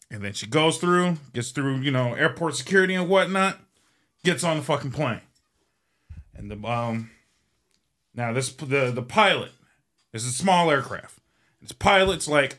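A male host tells a long joke casually, in a bright, forward voice of middle pitch. He rambles and swears freely, and he fills his speech with ums and you-knows. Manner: rambling and profane, with frequent fillers. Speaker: show host.

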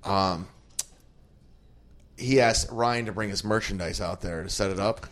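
A man's voice: fairly low pitch, a little slow, a bit bright. A man, a comedian hosting a podcast, telling stories emphatically in casual chat. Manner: storytelling, emphatic, stammering restarts. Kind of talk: casual green room chat.

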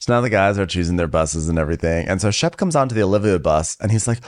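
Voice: deep voice, animated, fast, hardly any pauses, no room sound, studio quality. A podcast co-host recapping a reality show for laughs, acting out the people in it with exaggerated voices. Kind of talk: comedic recap chat.

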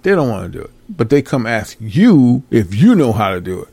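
A man's voice: mid-range voice, big pitch swings, a little fast, creaky, mellow, slightly rough, dry recording. A man hosting a talk show, ranting in an exasperated, profane way and laughing often. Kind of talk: casual ranting commentary.

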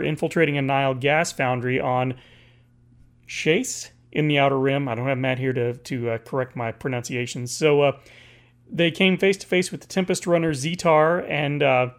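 Man with a gravelly, fry-laden voice, halting comic recap, middle pitch, lots of fillers. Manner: halting, many fillers and restarts. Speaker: comic book reviewer. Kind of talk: casual comic recap, reading dialogue aloud.

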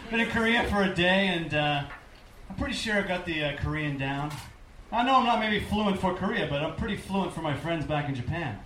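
Canadian comedian with dry crowd work. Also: male voice, high voice, expressive, a little fast, roomy sound, recorded from a distance, very noisy. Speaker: stand-up comedian. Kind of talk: stand-up set.

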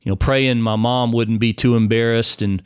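A man's voice: mid-range voice, steady tone, moderate pace, clean tone, no echo, clean studio sound. A man giving an earnest personal testimony sermon, speaking straight to the listener and calling him brother.

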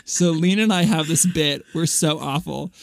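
A young man with a fairly high voice chats playfully on a podcast, tossing off quick asides. The sound is dry and close, with no room around him. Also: gravelly, dry recording. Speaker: podcast co-host. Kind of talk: casual chat.

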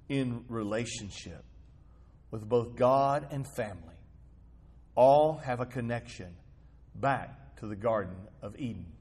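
Husky-voiced male pastor preaching. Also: medium pitch. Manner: conversational, storytelling preaching with rhetorical questions. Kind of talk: sermon.

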